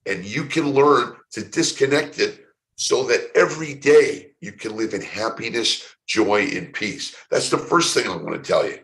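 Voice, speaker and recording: A man's voice: medium pitch, moderate pace, fairly bright tone. A man from San Francisco, a spiritual coach being interviewed, telling his story in an earnest way and often repeating words as he starts his sentences. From San Francisco, United States. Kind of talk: conversational interview.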